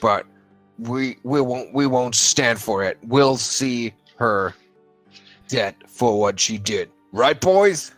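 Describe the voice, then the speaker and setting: A man's voice: mid-range voice, lively intonation, slow, a bit bright, faint music behind. A man voicing an angry male mob leader in a tabletop game, sneering and aggressive. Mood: defiant. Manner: aggressive, sneering, riling up crowd.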